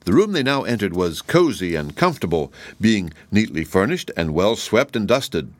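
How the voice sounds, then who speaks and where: A man reading a children's book aloud as an expressive storyteller. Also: on the low side, normal speed, no room sound.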